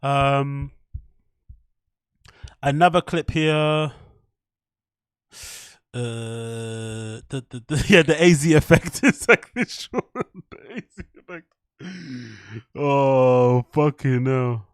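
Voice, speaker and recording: A man's voice: mid-range voice, drawn-out words, pauses often, clean tone, no echo, clean studio sound. A young man, hosting a casual live stream, reacting to chat and a fight, swearing and laughing often. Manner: excitable, swears a lot, laughs often, mock French bits.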